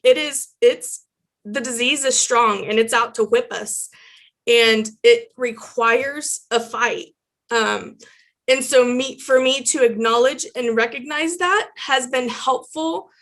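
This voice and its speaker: A woman reflecting on speaking up as a patient, heartfelt and halting, with many fillers. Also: fairly high pitch, a bit bright. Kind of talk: personal reflection.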